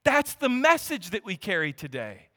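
A man's voice: high-pitched, huge pitch swings, moderate pace, bright, forceful tone, no room sound, in a large hall. A man in his thirties preaching a sermon in an earnest, emphatic, conversational way.

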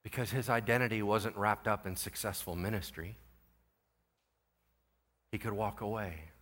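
A middle-aged man, a pastor, preaching a sermon with animated storytelling, going from quiet asides to loud exclaiming. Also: fairly low pitch, normal speed. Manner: animated storytelling, voices others in quotes, swings from quiet to shouting.

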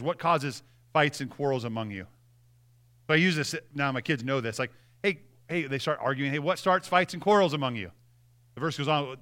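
A man's voice: medium pitch, sharp tone. A man in his thirties preaching a sermon as pastor, earnest and conversational with frequent restarts.

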